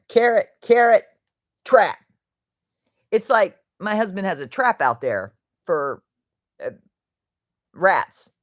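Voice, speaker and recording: A woman hosts a casual livestream, talking in a lowish voice that rises and falls a lot. She rambles from one thought to the next and greets viewers by answering their comments. Her tone stays chatty and informal throughout. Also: no echo, studio quality. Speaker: livestream host.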